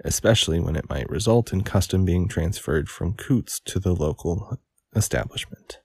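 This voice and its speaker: Man, low gravelly voice, casual read-aloud with asides; dry close sound. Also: a little mellow, dry recording. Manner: pauses to correct and comment on his reading. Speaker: audiobook reader.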